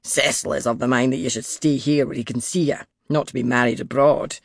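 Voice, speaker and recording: A man's voice: mid-range voice, fairly even intonation, a little fast, gravelly, no echo, studio quality, lightly acted. A man voicing a coarse, mocking middle-aged king with a Scottish accent in an audiobook, teasing and half muttering to himself. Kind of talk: audiobook character voice.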